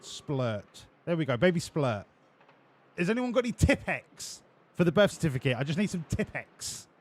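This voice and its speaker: A man's voice: fairly high pitch, sing-song, moderate pace, darkish tone. A man streaming a racing management game, chatting sarcastically and swearing with his viewers. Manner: sarcastic, sweary banter with chat. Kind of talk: casual live-stream commentary.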